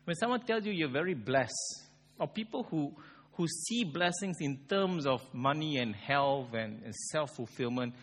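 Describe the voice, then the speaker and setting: A man preaching a sermon, conversational and animated, asking the congregation rhetorical questions. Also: on the high side, measured pace. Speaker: pastor. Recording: long hall reverb.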